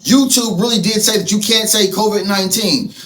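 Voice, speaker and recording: A man delivering a fervent, profane political monologue that swings between loud outbursts and soft asides. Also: high voice, brisk. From United States. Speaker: political vlogger. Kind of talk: impassioned monologue.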